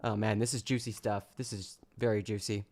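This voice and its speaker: A man's voice: fairly low pitch, little pitch movement, fairly quick, a little mellow. A man hosting a livestream, gleefully mocking what he watches in casual reaction commentary. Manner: gleeful, mocking, breaks into laughter. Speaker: livestream host.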